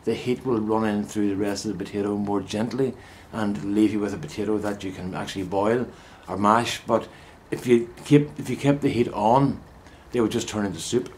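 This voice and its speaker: A man's voice: fairly low pitch, fairly even intonation, moderate pace, hardly any pauses, a little mellow, slight background noise. An older man, chatting casually to camera in a meandering, friendly way while working outdoors in a vegetable plot. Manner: meandering, chummy, many restarts and asides. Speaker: gardening vlogger. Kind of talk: casual rambling chat to camera.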